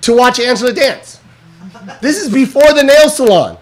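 A man hosting a comedy podcast with a hoarse, worn voice, talking loudly and animatedly as he jokes and teases. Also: very high-pitched, moderate pace. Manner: loud, animated joking and teasing. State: hoarse from losing his voice. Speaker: podcast host. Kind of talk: comedic casual chat. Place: indoor room, on camera. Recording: echoey room.

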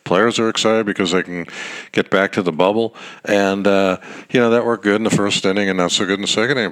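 Low-voiced man rambling about baseball. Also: a bit bright. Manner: rambling, chatty, wisecracking. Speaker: podcast host. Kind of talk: casual solo baseball commentary.

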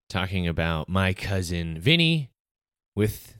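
A man's voice: deep voice, lively intonation, normal speed, a bit bright, a little hiss or hum. A man from rural South Carolina hosting a casual movie podcast, steering the segments with enthusiasm. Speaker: podcast host.

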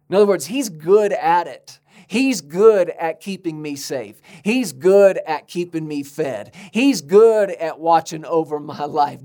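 American male preacher, emphatic sermon delivery, slightly high voice. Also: a little mellow. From United States. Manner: emphatic, slows to stress key words, rises to high pitch for appeals.

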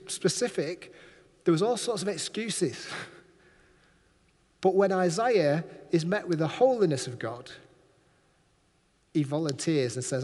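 Preacher, male, high voice, animated and playful, big hall reverb. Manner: lively, playful, acts out quoted voices. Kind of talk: sermon.

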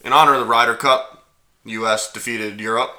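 A man's voice: mid-range voice, steady tone, a little fast, sharp tone. A young man co-hosting a podcast, chatting casually about sports with jokes and rambling asides. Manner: joking, rambling with fillers. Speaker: podcast co-host.

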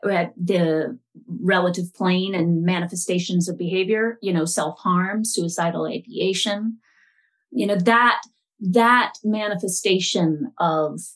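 A woman meditation teacher speaking as a podcast guest in a thoughtful, searching way, often restarting her sentences. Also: fairly low pitch. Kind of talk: casual conversational interview.

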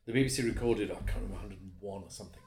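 A middle-aged voice actor, chatting in an interview in a self-deprecating way, laughing often. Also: male voice, on the low side, rapid-fire, darkish tone, a little hiss or hum. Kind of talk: casual interview chat. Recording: roomy echo.

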